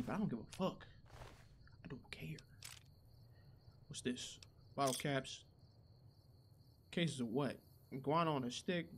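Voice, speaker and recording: A young man giving casual, profane gameplay commentary who reacts loudly to the action. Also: on the high side, slight background noise. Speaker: gaming channel host.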